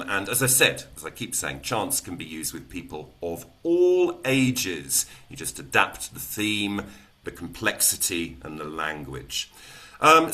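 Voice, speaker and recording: A man, a teacher trainer giving a lesson who explains calmly and then breaks into loud, rhythmic chants. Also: medium pitch.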